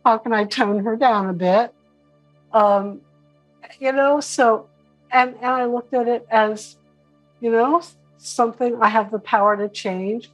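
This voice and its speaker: A woman teaching an online spiritual class in a casual, animated way, now and then mimicking whiny voices. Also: fairly high pitch, measured pace, soft background music, poor audio.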